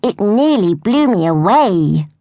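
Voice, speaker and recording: A woman's voice: mid-range voice, very animated, takes it slowly, mellow, no room sound, voice pushed up. A woman voicing a fussy young female woodland animal with a complaining manner. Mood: reluctant. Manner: complaining, reluctant.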